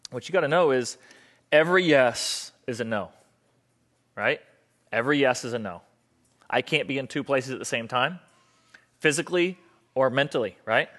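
Bright-voiced animated male speaker. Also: mid-range voice, normal speed, pauses often. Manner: animated, acts out dialogue in raised voices; repeats phrases for emphasis. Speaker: speaker on stage. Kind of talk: motivational talk with a live volunteer.

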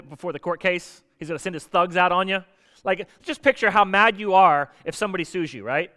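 A man preaching a sermon in a conversational, animated way, often putting questions to his listeners. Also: sits high, smooth. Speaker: pastor.

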